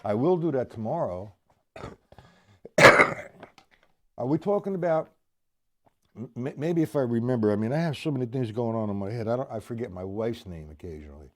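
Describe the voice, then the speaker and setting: A man's voice: medium pitch, lively intonation, fairly bright tone. A middle-aged man teaching drums on a live stream, apologetic and rambling, stopping often to restart his sentences. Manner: counts and explains stickings slowly. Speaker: drum teacher. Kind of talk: live-streamed drum lesson.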